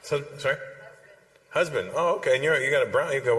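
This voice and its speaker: Male stand-up comic, teasing crowd work, bright tone, live hall reverb. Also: mid-range voice, fast talker. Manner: teasing, chatty, swearing. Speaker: stand-up comedian.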